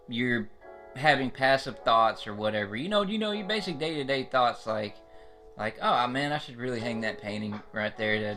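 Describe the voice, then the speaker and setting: A man talks in a loose, rambling way, full of restarts, "like" and "you know." His voice is bright and forward, with faint music playing behind him on a live stream. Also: mid-range voice. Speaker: streamer describing his experience. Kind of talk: casual live-stream chat.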